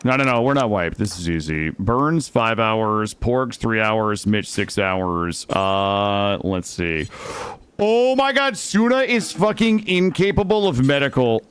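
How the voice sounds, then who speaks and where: Hardly pausing, a young streamer gives live gameplay commentary that ranges from muttering to panicked shouts. His fairly low voice is expressive, a bit bright and clean, slightly slow, and recorded on a studio mic.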